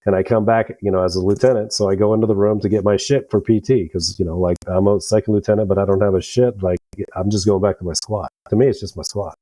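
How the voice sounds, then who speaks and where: Low, dark-voiced man telling war stories. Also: fairly even intonation, fast talker, few pauses, no room sound, low-quality recording. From United States. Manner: rambling, profane, acts out quoted dialogue. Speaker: podcast guest, veteran. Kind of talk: casual storytelling.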